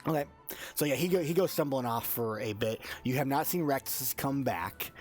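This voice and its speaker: A man narrating as game master in a casual, halting way with many fillers. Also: medium pitch, a little mellow, soft background music.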